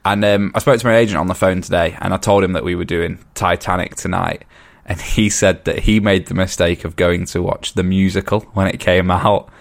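Casting: English man in his twenties, lowish voice, chatty host who stumbles over words. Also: fairly even intonation, fairly quick, vocal fry. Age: 20s. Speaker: podcast host. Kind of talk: casual chat.

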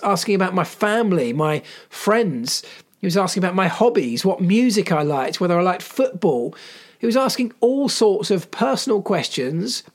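A middle-aged man, a former mechanic, telling a personal story in an earnest, emphatic way and repeating phrases for weight. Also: high-pitched. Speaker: former Formula One mechanic.

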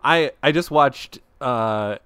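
A man's voice: medium pitch, fairly bright tone, clear, resonant tone, dry recording. Joking man, dry close sound. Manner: joking, quick to chime in. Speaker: podcast co-host. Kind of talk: casual chat.

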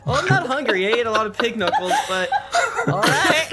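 A woman voicing an excitable young male gnome adventurer who stammers and gushes. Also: on the high side, unhurried, over a noisy crowd. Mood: eager. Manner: eager, stammering, gushing.

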